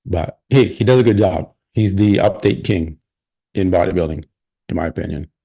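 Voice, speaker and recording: A man's voice: sits low, moderate pace, warm tone, husky. A man hosting a live stream, chatting casually and rambling with plenty of restarts and opinions.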